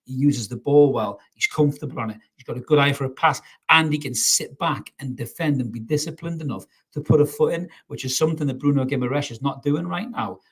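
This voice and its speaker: Angry fan-channel host, blunt, sweary live reaction voice. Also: male voice, mid-range voice, brisk, few pauses, breathy edge. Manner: angry, blunt, swearing, reads out viewer comments. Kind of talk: live match reaction rant.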